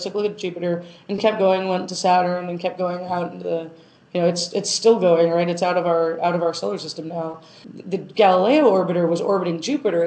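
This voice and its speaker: In a roomy, echoing recording, a planetary scientist with a lowish, darkish voice talks through interview questions. Her answers are casual and considered, peppered with fillers and restarts.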